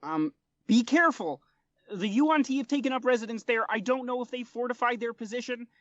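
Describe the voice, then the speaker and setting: Man voicing a high, earnest frogfolk interpreter for a tabletop game; dull, dry sound. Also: brisk, fairly bright tone, no echo.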